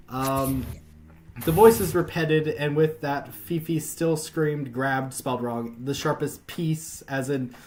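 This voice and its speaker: A man's voice: mid-range voice, a little hiss or hum. A man casually reading a story aloud as a podcast host, with swearing and laughing asides.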